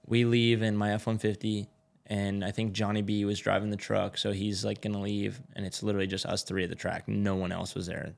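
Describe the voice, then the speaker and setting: Young american guy, low voice, swears a lot and acts out the quotes, podcast story. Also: flat delivery, fairly quick, gravelly. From United States. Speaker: podcast guest, motorcycle racer. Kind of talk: casual storytelling.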